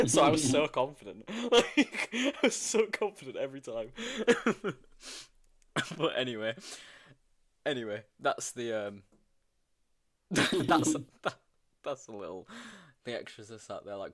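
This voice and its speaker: A man's voice: mid-range voice, normal speed. A young man chatting casually on a stream, telling funny stories from filming, full of fillers and bursts of laughter. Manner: animated, laughing storyteller with many fillers. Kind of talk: casual chat.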